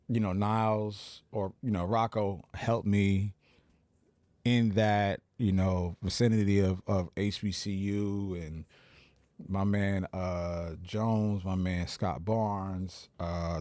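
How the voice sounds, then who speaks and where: A man in his forties from New Jersey tells stories of his radio days as a podcast guest. His voice sits on the low side and the sound is dry and close. He talks in a relaxed way, full of fillers. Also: takes it slowly, no echo. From Plainfield, New Jersey. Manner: relaxed storytelling with many fillers. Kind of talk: casual podcast interview.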